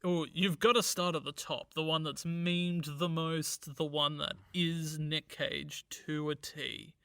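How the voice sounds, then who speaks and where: Bright, gravelly-voiced man co-hosting. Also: fairly high pitch, steady tone, dry recording. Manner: joking, quick banter. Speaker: podcast co-host. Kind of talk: casual film podcast chat.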